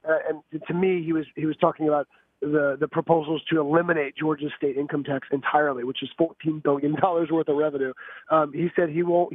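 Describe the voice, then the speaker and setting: A man with a raspier-than-usual voice reporting on politics for a radio talk show, brisk and informed. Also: on the high side, no room sound. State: raspy voice. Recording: tinny phone line.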